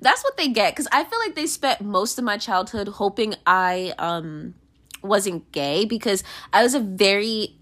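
A woman's voice: sing-song, measured pace, fairly bright tone. A young woman in a candid monologue, rambling with many fillers and restarts, swearing and venting with emotion. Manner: emotional, pitch swinging widely.

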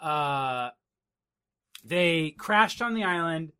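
A man's voice: fairly high pitch, lively intonation, extremely slow, bright, forceful tone, clear, resonant tone. A young man chatting casually, recapping a TV episode in a rambling, laid-back way and swearing offhandedly.

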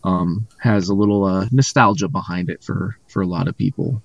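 A man hosting a casual podcast chat, talking in a halting way with many fillers and restarts. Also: deep voice, creaky, no room sound, dull audio. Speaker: podcast host.

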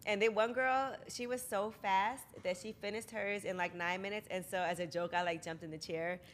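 Woman, casual podcast guest, mid pitch, chatty and animated, faint background rumble. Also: moderate pace. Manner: chatty, animated storytelling, frequent "like". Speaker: interview guest, media host.

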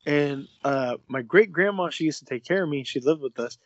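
A man's voice: a little high, moderate pace, no room sound, muffled recording. A young man co-hosting a casual podcast, telling a story with lots of swearing and acting out the dialogue he quotes. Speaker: podcast co-host. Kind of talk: casual chat.

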